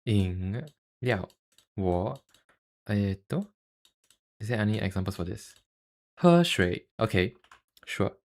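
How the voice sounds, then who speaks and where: Male streamer, lowish voice, unhurried, hesitant casual chatter. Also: a little mellow. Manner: halting, filler-heavy, self-deprecating. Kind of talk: casual livestream chat.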